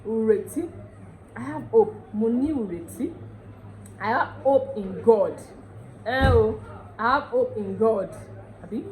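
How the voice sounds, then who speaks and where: A woman with a Nigerian accent teaching dialect words in a casual lesson, chatty and repeating each word slowly for drilling. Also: on the high side, darkish tone, slight background noise, rough recording.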